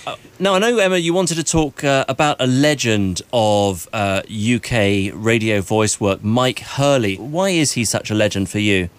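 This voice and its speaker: A man's voice: mid-range voice, moderate pace, clean tone. A man hosting a casual podcast interview, asking questions with small hesitations. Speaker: podcast host.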